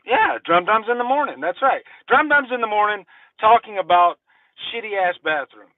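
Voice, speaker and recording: Southern-born guy rambling on a live stream from his car, kinda high voice, tinny phone sound. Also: lively intonation, moderate pace, no room sound. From Mississippi, US South. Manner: rambling, repeats words, swears casually. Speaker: livestream host. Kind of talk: casual live-stream chat. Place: parked car by a convenience store.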